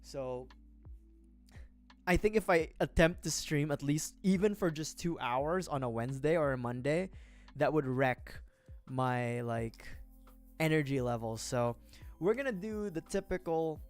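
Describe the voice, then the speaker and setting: A man's voice: a little high, lively intonation, measured pace, soft background music. Rambling young man chatting on stream. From Philippines. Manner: rambling, chatty, self-deprecating. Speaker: livestreamer building a model kit. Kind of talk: casual chat.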